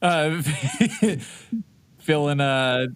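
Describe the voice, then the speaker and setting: Casting: tabletop player, a man with a slightly high voice, hesitant and stumbling. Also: animated, drawn-out words, clear, resonant tone, no room sound. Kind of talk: casual tabletop play.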